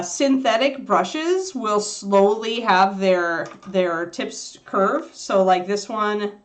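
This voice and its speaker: A woman hosts a casual painting livestream, explaining brush hairs and color choices in a relaxed, rambling way. Her voice sits at an ordinary middle pitch, and her talk comes full of fillers and self-corrections. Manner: chatty, scolds and coos at her puppy between painting tips. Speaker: miniature painting livestream host.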